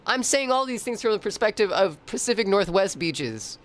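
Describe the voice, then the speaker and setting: Lively, rambling man chatting casually. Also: sits high, normal speed. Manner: rambling, swears freely, laughs often. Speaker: streamer chatting with viewers. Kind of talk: casual chat.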